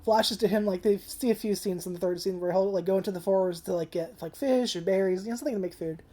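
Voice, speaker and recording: A woman's voice: medium pitch, fast, dark tone. A woman giving a casual, profane video review, rambling with lots of "like" and getting emotional and tearful at times. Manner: rambling and profane, heavy use of "like". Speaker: anime reviewer. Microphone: camera.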